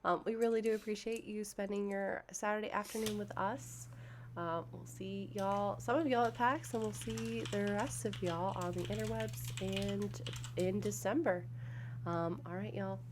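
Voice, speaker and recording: A woman's voice: mid-range voice, normal speed, noisy background. A woman game master wrapping up a stream, upbeat and casual, with lots of fillers and "y'all".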